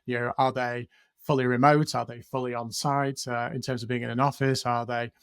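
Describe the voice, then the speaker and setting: A man's voice: mid-range voice, flat delivery, fairly quick, a bit bright, clear, resonant tone, no room sound. Hesitant male podcast co-host. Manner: hesitant, many ums and restarts. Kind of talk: casual chat.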